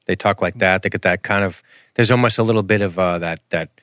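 A man's voice: deep voice, fast, fairly bright tone, no echo, studio quality. A man co-hosting a podcast, riffing on a film in casual, profane banter. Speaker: podcast co-host. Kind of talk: casual film-review chat.

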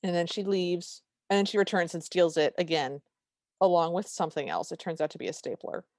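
Wry, low-voiced woman podcaster. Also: a little fast, no echo. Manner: dry, wry storytelling with quoted lines. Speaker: podcast co-host. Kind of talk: casual movie recap chat.

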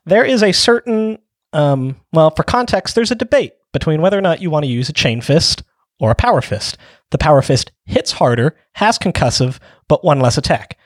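Higher-voiced man explaining game tactics. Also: expressive, normal speed, no echo, clean studio sound. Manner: explains game rules step by step with frequent "um"s. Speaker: podcast co-host. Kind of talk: casual tabletop gaming chat.

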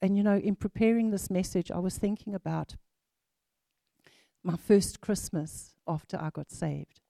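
A woman's voice: mid-range voice, unhurried, creaky, dark tone, no room sound. A woman in her fifties preaching a sermon in a chatty way, with many fillers and restarts.

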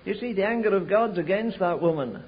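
An older man preaching a sermon, telling stories slowly and rising to fervent pleas. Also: high-pitched, expressive. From England. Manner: storytelling with slow emphatic stretches, rising to fervent pleas. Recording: muffled lo-fi sermon recording.

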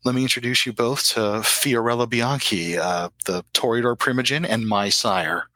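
Man playing a friendly vampire hostess. Chatty and halting, bright, dry sound. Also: medium pitch, no echo, natural voice, low-quality recording. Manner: chatty, hesitant.

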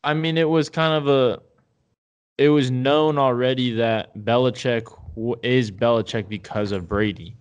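A man's voice: mid-range voice, fairly even intonation, a little slow, smooth, highs cut off. A man co-hosting a podcast, chatting casually about sports in a rambling, hesitant way with many fillers and restarts. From Tampa Bay area, United States. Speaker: podcast co-host.

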